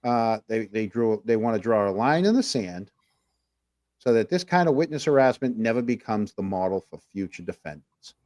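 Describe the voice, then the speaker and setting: A man's voice: fairly low pitch, expressive, normal speed, darkish tone. A man co-hosting a casual livestream talk show, rambling through viewer comments with plenty of fillers. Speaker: podcast co-host.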